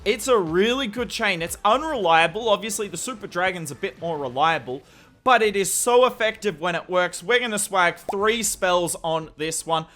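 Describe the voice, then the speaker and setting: Over footage of a strategy game, a high-pitched Australian man gives lively, moderately paced commentary. His tone is bright and forceful, and he explains things keenly while teasing himself along the way.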